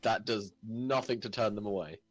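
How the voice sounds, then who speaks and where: A man's voice: fairly low pitch, normal speed, loud music behind the voice. A man playing a tabletop game, chatting in an offhand, joking way. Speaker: player. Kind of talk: casual tabletop chat.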